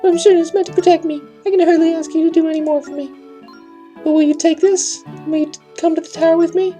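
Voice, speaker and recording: A man voicing a gentle ghost princess, a young woman, in a very high airy falsetto, speaking earnestly and pleadingly. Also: steady tone, fast, soft background music.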